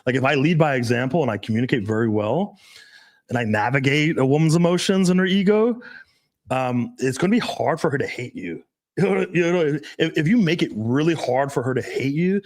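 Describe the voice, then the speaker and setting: Guy chatting on a podcast, mid-pitch voice, swears a lot, lots of likes and ums, laughs a bunch. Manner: loose and profane, many fillers, laughs often. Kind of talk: casual podcast chat.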